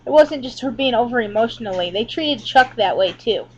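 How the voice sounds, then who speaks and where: A woman's voice: fairly high pitch, lively intonation, fairly quick, a little hiss or hum. Rambling, cursing woman on a dull laptop mic. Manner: candid, rambling, frequent swearing. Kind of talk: casual webcam vlog. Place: indoors at home, leaning back from laptop. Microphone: laptop built-in mic.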